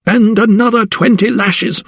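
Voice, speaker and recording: Man doing a high, cold imperious Georgian lady, barks orders, audiobook. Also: very animated, normal speed, gravelly, darkish tone, breathy edge, no room sound, studio quality, heavily acted. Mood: cold fury. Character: cruel haughty Georgian lady of the house.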